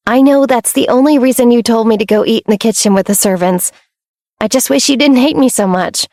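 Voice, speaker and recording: A woman's voice: on the high side, brisk, a little mellow, no echo, clean studio sound, pitched above the performer's own voice, lightly acted. A woman voicing a scheming young woman who talks in a falsely sweet, meek way. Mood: sugary.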